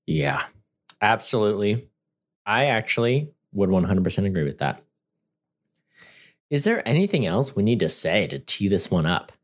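A man's voice: lowish voice, very animated, normal speed, long pauses. A man co-hosting a casual movie podcast, bantering in an easygoing, playful way. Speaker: podcast co-host.

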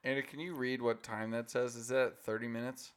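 A man's voice: medium pitch, flat delivery, fairly quick, smooth. A young man co-hosting a podcast, reacting bluntly and running the show's timing. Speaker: podcast co-host. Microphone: podcast microphone.

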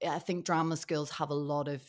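A woman actress chatting as a podcast guest, telling animated stories and laughing often. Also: low voice, a little fast. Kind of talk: casual chat.

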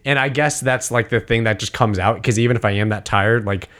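A young man with a New York accent, telling stories in a casual chat, animated, laughing often and swearing freely. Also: lowish voice, a little fast.

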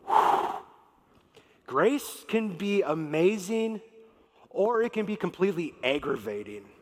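A man preaching a sermon as a pastor, telling the story in an animated way with casual slang. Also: high voice, a little slow. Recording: reverberant large hall.

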